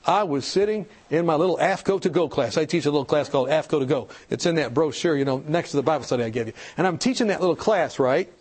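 A man giving an animated church seminar talk, telling stories, acting out the people in them and asking the audience questions. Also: on the high side, fast, hardly any pauses, breathy edge. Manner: animated storytelling, acts out quoted people. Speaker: health speaker.

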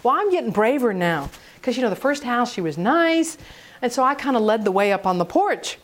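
High-pitched woman telling a church story, acts out all the voices, really lively. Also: brisk. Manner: animated, acts out quoted voices. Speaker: speaker on prayer ministry. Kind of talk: storytelling talk.

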